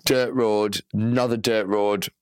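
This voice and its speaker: A man's voice: lowish voice, fairly even intonation, unhurried, a little mellow, clean tone, no room sound, low-quality recording. A young Australian man, a comedian, telling a rambling, profane story full of "like" fillers. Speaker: comedian guest. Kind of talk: casual storytelling chat.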